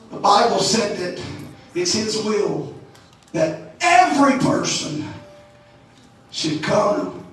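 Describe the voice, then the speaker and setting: A Texan man preaching a fiery sermon, swinging between shouts and low asides and stumbling over restarts. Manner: shouting, rising and falling, stammered restarts. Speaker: pastor. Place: large church sanctuary. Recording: echoey, distant hall mic.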